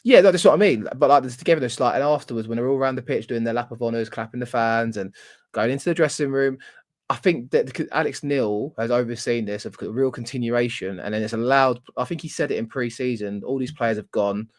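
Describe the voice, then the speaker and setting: A man's voice: mid-range voice, fast talker. A man co-hosting a live football podcast, chatting casually with lots of "like" and "mate". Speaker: podcast co-host. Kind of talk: casual live-stream chat.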